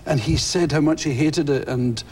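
A Scottish man, a guest comedian, telling animated stories on a talk show and acting out voices and crowd shouts. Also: a little high, moderate pace, breathy edge. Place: television studio.

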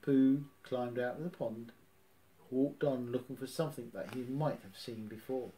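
A man reading a children's story aloud in a lively, expressive way. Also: mid-range voice, normal speed. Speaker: narrator.

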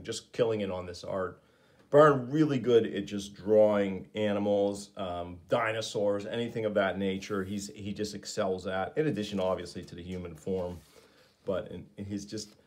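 Male comics reviewer, casual and eager, lower voice. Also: darkish tone. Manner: enthusiastic, with frequent fillers.

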